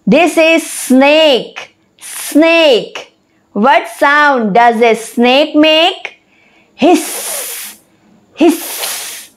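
A woman with a high voice teaches young children, her delivery drawn out and very slow. She speaks deliberately, like a lesson narration, and pauses to spell words out letter by letter.

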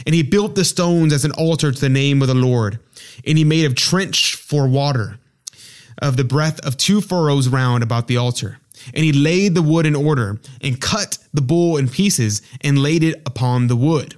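A man hosting a podcast who retells a scripture story in a loose, conversational way. He often trails off with fillers and restarts his sentences. His voice sits a little higher than most men's. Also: normal speed. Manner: rambling, with many fillers and restarts. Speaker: podcast host. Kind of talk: casual storytelling talk on scripture.

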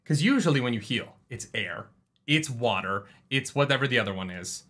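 Casual male stream host, expressive and sharp-toned, curses freely. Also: mid-range voice, moderate pace. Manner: animated, swears freely. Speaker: podcast co-host. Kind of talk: casual livestream book chat.

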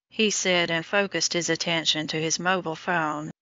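A woman narrating a romance audiobook in a steady, even reading manner. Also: deep voice, moderate pace, hardly any pauses, no echo. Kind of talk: scripted narration. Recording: dull lo-fi dry audio.

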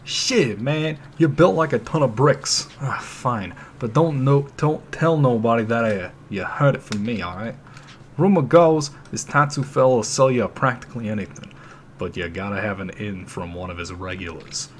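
A man voicing a gruff, nervous male street bum who talks in rough slang. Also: mid-range voice, normal speed, slight background noise, close to an everyday voice. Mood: grudging.

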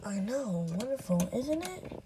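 Slow woman voicing a noisy homemade story. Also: a little high, big pitch swings. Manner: switches between many character voices, wailing shrieked cries. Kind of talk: one-voice homemade character story.

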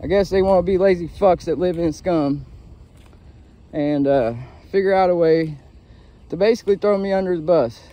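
A man's voice: high-pitched, moderate pace, warm tone. A man from Ohio vlogging a casual, profane and meandering monologue, tired and a bit winded. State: winded from walking a bicycle uphill.

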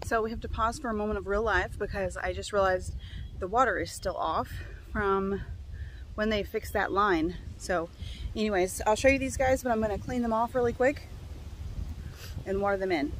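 A woman's voice: mid-range voice, fairly even intonation, moderate pace. A woman giving a casual garden-tour vlog outdoors, chatty and enthusiastic as she lists her plants. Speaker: gardening vlogger. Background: faint wind and outdoor noise.

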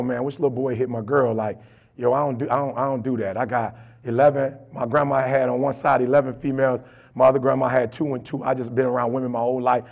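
A man's voice: medium pitch, vocal fry, muffled recording. A middle-aged man and motivational speaker, telling stories in a colloquial, emphatic way. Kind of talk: storytelling motivational talk.

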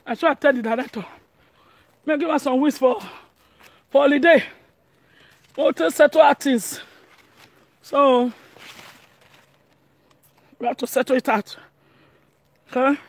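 A woman with a Nigerian accent chats casually with her home vlog audience in pidgin English, laughing often. Her voice is high-pitched with no echo.

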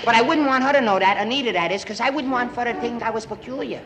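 An actor playing a naive, eager young man with a high, goofy, childlike voice in a 1950s film comedy. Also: fast, a bit bright, slight background noise. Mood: gushing. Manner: gushing and wide-eyed. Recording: old film soundtrack with music.

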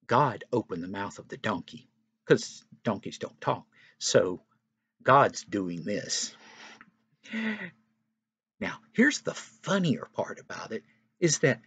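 A lower-voiced man tells a Bible story to young children, keeping it loose and chatty and opening many thoughts with "well". His pitch rises and falls a lot as he talks. His voice has a husky edge, and it sounds dry and close to the mic. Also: fairly bright tone, no echo, lo-fi sound. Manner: casual and conversational, often begins with "well". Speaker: Sunday school teacher.

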